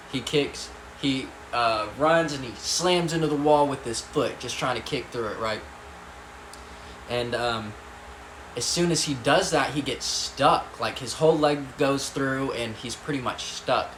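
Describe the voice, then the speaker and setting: Man, casual storytelling, swears a lot, rambling, echoey room, faint background hum. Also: medium pitch. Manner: profane, laughing, rambling with many fillers. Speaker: vlogger telling a story.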